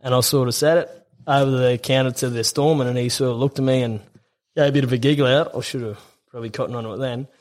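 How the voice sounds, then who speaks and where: A young man, a tradesman guest on a podcast, relaxed and chuckling as he tells a story from his apprenticeship. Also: medium pitch, fast. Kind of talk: casual storytelling.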